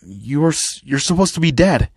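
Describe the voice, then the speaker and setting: A man's voice: a little high, animated, normal speed, a little mellow, breathy edge, dry recording, clean studio sound. A man voicing an earnest young male hero who angrily demands answers. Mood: urgent. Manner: demanding, urgent.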